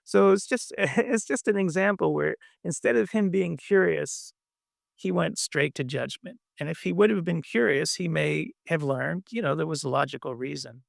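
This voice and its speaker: Meditation teacher, male, gravelly voice, gentle halting delivery, dry close sound. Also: fairly high pitch, dry recording. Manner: gentle, halting, many fillers. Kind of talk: dharma talk.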